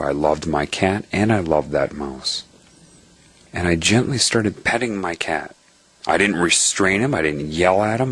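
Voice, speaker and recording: Low husky man telling a story. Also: dry recording. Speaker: narrator of a first-person testimony. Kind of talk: reflective first-person storytelling.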